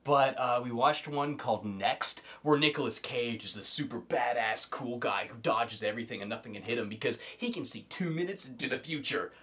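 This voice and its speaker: A young man chatting casually about movies in a rambling, profane way, getting loud and animated when he rants. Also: medium pitch, a little fast, hardly any pauses.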